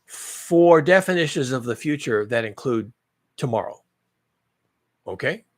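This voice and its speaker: On his own channel, a man gives a sarcastic, profane rant about current news. He swings from low mutters to loud outbursts, repeating phrases for emphasis.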